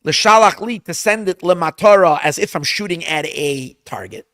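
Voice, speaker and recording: A man, a rabbi teaching a class, retelling a Bible story with Hebrew translations in an animated way, often restarting his phrases. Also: high-pitched, normal speed, no echo, clean studio sound. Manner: animated storyteller, acts out lines loudly; restarts and repeats words often.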